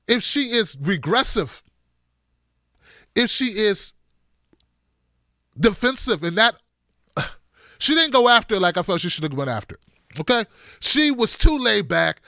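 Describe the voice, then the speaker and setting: High, bright-voiced sarcastic male commentator. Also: no echo, clean studio sound. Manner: animated, sarcastic, emphatic. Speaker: political commentator. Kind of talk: political commentary vlog.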